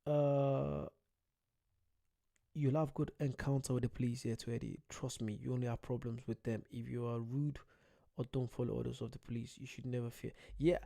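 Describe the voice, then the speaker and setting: A young Irish man chats loosely through a livestream, with a mellow, warm tone. He reads viewer comments aloud and rambles. His jokes are at his own expense. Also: mid-range voice, moderate pace, gravelly. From Ireland. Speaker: streamer. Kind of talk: casual livestream chat.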